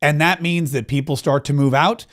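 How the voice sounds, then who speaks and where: A man hosts a political commentary show, with a voice pitched notably high for a man. He talks in a loose, emphatic way, circling back and restarting his sentences as he builds a point. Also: normal speed. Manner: animated, emphatic, rambling with frequent restarts.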